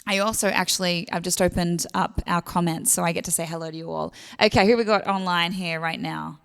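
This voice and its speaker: An Australian woman casually chatting to her livestream viewers as the singer hosting the show, warmly thanking tippers by name. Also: lowish voice, fairly even intonation, fairly quick, creaky, clean tone. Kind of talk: casual chat to online viewers. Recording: long reverb with instrument music.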